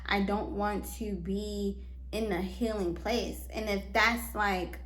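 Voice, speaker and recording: An earnest woman hosts her own podcast, speaking emphatically and circling back to the same phrases. She keeps asking the listener whether they follow her. Her voice sits at a middle pitch and rings a little in an echoey room. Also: fairly even intonation, takes it slowly, fairly bright tone. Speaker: podcast host. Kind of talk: motivational solo podcast talk.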